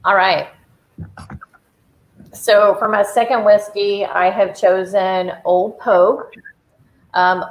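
A woman presenting a whiskey in a measured way with frequent fillers. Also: fairly low pitch, echoey room, low-quality recording. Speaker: bourbon steward and guest presenter.

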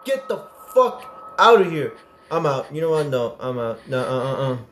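Jumpy young man yelling through a game. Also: medium pitch, moderate pace, echoey room, a little hiss or hum. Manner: excitable, sudden yelps, swearing. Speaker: gaming streamer. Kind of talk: gameplay commentary.

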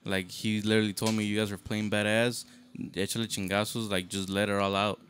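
A young man, retelling a story in lively casual talk and switching between Spanish and English. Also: lowish voice, a little fast, a little hiss or hum. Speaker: podcast guest, band member.

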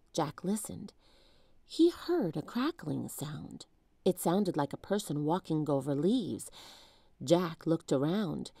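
A woman reads a children's chapter book aloud with expressive, storytelling delivery. Her tone is mellow and warm, her pitch rises and falls a lot, and the close mic keeps the sound dry. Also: no room sound. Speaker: storybook reader.

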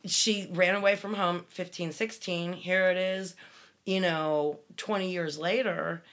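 A middle-aged woman with a fairly low voice, talking in a casual podcast chat. She is blunt and candid, with a dry, wry edge to what she says. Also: steady tone, unhurried, a bit bright. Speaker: podcast co-host. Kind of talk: casual conversation.

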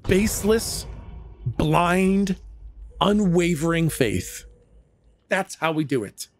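A man's voice: high voice, lively intonation, slow. A Canadian man casually chatting with his viewers while streaming a game, laid-back and chatty, with frequent laughs and some swearing.

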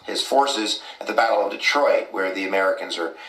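A man's voice: low-pitched, fairly quick, fairly bright tone, distant mic. A man explaining history casually, with many fillers like "kind of" and "you know". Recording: echoey clip from off-mic.

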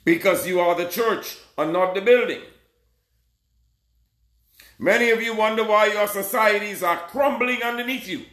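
A man preaching a fiery sermon, urgent and scolding, often breaking into shouts. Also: high-pitched, normal speed, pauses often. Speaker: self-proclaimed messiah preacher. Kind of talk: fiery street-style sermon. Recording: roomy echo.

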